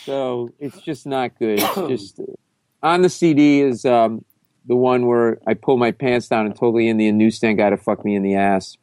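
A man telling a story as a comedy guest, loud and profane, often breaking into shouted reenactments. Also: mid-range voice, steady tone, normal speed, clean tone, no echo. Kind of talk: animated storytelling.

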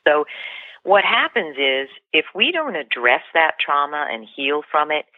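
A woman's voice: low-pitched, very animated, measured pace, no echo. A woman guest on a podcast, telling a story earnestly and with feeling, often restarting her sentences. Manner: earnest, emotional, many restarts. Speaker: guest author and leadership coach. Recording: tinny phone line, dry.

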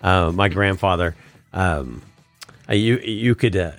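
A man's voice: low voice, takes it slowly. A man co-hosting a podcast, telling a rambling anecdote in casual chat. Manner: rambling, animated anecdotes with laughs. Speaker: podcast co-host.

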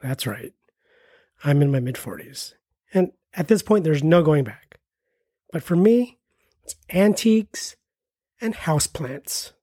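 A man's voice: on the high side, lively intonation, slow pace, pauses often, dark tone, breathy edge, no echo, studio quality. A man in his forties reading a jokey podcast promo, full of rambling, self-mocking asides. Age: 40s. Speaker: comedy podcast promo reader. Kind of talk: jokey scripted ad read.

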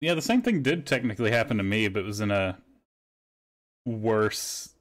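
A man's voice: on the low side, lively intonation, normal speed. A man hosting a podcast, telling stories in casual, profanity-laced chat. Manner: swears freely, storytelling. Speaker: podcast host.

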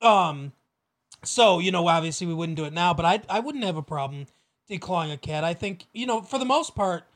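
A young man with a high voice co-hosts a podcast in loose casual chat. He rambles and restarts his sentences, and he laughs easily. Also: expressive, brisk, fairly bright tone. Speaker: podcast co-host.

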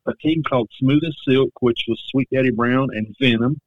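A man's voice: mid-range voice, moderate pace, no echo, narrow, tinny audio. A man hosting a casual podcast, recalling dates and names with frequent fillers and hesitations. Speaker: podcast host. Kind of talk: casual interview chat.

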